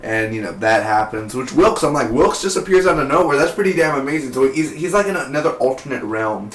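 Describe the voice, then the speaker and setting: A man recaps a TV episode in a rambling, offhand way, full of slang. His voice sits at an ordinary middle pitch. The recording has a roomy echo. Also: lively intonation, brisk. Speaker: TV episode reviewer. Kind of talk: casual recap review.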